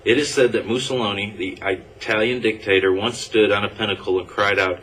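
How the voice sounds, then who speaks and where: A man reading a calm, measured lecture. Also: fairly low pitch. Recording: distant clip with faint room hum.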